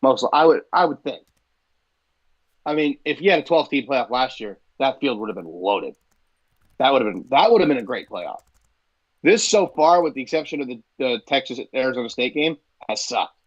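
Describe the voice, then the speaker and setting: A man's voice: medium pitch, expressive, moderate pace, highs cut off. A man co-hosting a sports talk show, arguing back with hedges and lots of "I mean.". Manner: hedging, full of "I mean". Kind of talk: sports debate.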